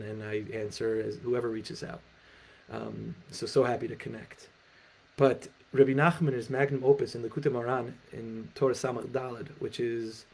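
A man giving an animated Torah lecture and telling stories emphatically at an online festival. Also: medium pitch, gravelly, slightly rough. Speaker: Torah teacher.

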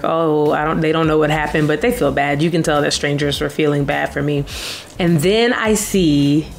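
A young woman telling a travel story to camera in a casual, animated way, acting out voices. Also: low voice. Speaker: travel vlogger.

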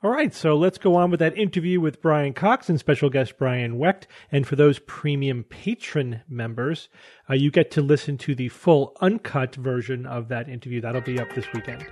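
A man's voice: medium pitch, normal speed, darkish tone, no room sound, faint music behind. A man hosting a podcast who explains things at length and thinks aloud, then introduces and questions a guest. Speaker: podcast host. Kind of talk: casual panel chat and interview.

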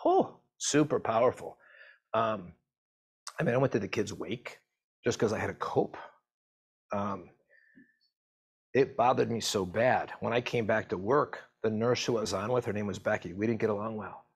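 Husky middle-aged man telling a story. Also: fairly low pitch. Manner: emotional, halting storytelling. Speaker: physician assistant and medical educator. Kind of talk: personal story told to camera.

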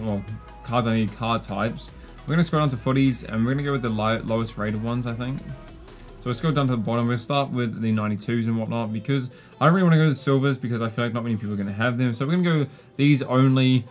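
A man talks through a mobile football game in a loose, rambling way, his voice a little worn and hoarse. His pitch sits in an ordinary middle range. Faint music plays underneath. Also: fast. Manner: chatty, laid-back, rambling. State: slightly losing his voice. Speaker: gaming YouTuber. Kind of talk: casual gameplay commentary.

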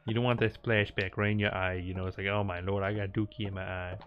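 Guy on a game stream joking around, lowish voice, teasing, animated, steady hiss behind him. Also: fast talker, highs cut off. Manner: playful, animated, teasing, keeps saying "girl". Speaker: gaming streamer. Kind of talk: casual storytelling while streaming a game. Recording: steady background noise.

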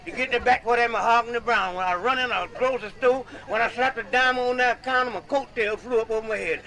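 A man's voice: extremely high pitch, fast talker, few pauses, pushed and bright, poor audio. An older man, chuckling through a folksy comic tall tale at a medicine show, outdoors. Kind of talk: comic storytelling monologue.

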